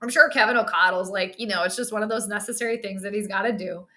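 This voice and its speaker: A woman's voice: medium pitch, quick pace, sharp tone, roomy sound. A woman hosting a sports live stream, chatting casually and joking with a co-viewer as she comments on the game.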